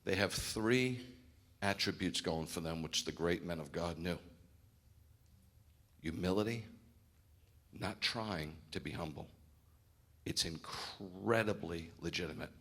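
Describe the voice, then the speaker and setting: A man's voice: sits low, slow pace, pauses often, fairly bright tone. A middle-aged man from New York, a rabbi preaching frankly and telling personal stories. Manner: candid, storytelling, self-deprecating. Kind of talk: sermon.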